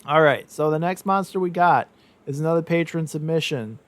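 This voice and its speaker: A man's voice: on the high side, brisk. A young man hosting a casual podcast chat, rambling with lots of fillers and frequent laughs. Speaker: podcast host.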